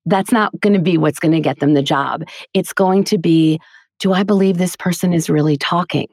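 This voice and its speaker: A woman's voice: on the low side, normal speed, darkish tone, no room sound, clean studio sound. A woman who teaches voiceover acting, talking earnestly and emphatically in a casual podcast interview.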